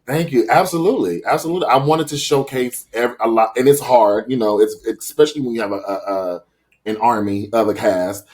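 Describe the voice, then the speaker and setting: A young adult man being interviewed about his books, talking in an animated, rambling way with quick restarts. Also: medium pitch. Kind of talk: casual interview chat.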